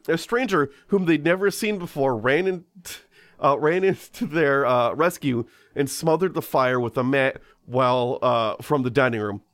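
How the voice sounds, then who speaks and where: A man's voice: medium pitch, moderate pace, dry recording. Man reading a spooky tale aloud, joking. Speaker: podcast host reading a story. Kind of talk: casual comedic podcast chat.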